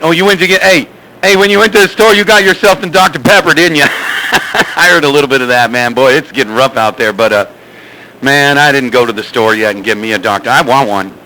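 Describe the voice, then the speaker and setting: A man's voice: mid-range voice, a little fast, bright, forceful tone, a little hiss or hum, low-quality recording. A man chatting casually over CB radio from his home radio room, with a folksy, playful drawl full of slang nicknames. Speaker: CB radio operator.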